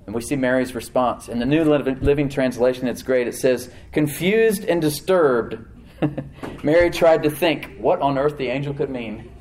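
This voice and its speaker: Man preaching an animated sermon. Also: mid-range voice. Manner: animated preaching, slows for emphasis, acts out quoted voices and laughs. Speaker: pastor. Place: church.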